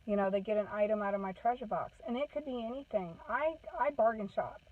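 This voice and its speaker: A woman's voice: mid-range voice, brisk, dry recording. Woman, parenting advocate, casual earnest advice, checks in with listeners, distant tinny sound. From Maine. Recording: tinny phone-like sound from off the mic.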